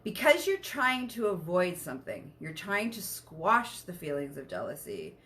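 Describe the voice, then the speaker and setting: A woman sexual wellness coach talking casually and candidly as a podcast guest, animated and swearing freely. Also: lowish voice, normal speed. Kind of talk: casual explanatory talk.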